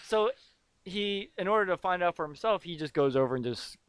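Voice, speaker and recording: A man with a smooth, resonant voice, talking loosely and jokingly as he recaps a film scene by scene. The sound is dry and close, with no room around him. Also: high voice, animated, fast, a bit bright, dry recording. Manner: rambling, jokey, recaps scenes with lots of fillers. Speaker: podcast co-host. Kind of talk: casual movie-recap chat.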